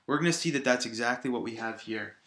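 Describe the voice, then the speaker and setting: A man's voice: medium pitch, quick pace, fairly bright tone, echoey room. A male teacher patiently explaining a lesson, repeating examples aloud to stress each syllable. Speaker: high school English teacher. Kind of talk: recorded video lesson.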